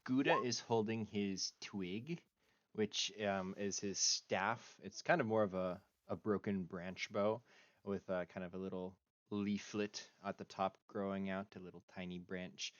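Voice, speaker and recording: Male player, low voice, slow plain narration, dry lo-fi recording. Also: steady tone, no echo. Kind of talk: tabletop role-play, narrating his character. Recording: dull lo-fi sound.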